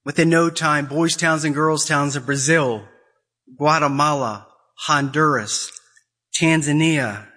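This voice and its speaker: A man's voice: fairly high pitch, slow, sharp tone. A man giving an impassioned Catholic talk, emphatic and repeating his questions for effect. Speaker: Catholic speaker. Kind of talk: impassioned preaching.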